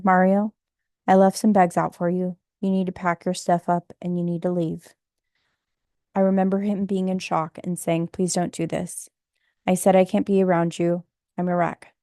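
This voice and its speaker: A woman reading a memoir audiobook in a steady, subdued, somber way. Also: on the low side, no echo, studio quality. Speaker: audiobook narrator.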